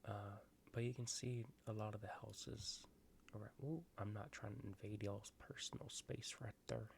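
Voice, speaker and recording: Male ASMR gameplay host, low gravelly voice, rambling soft talk slipping into whispers. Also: fairly even intonation, moderate pace, slight background noise.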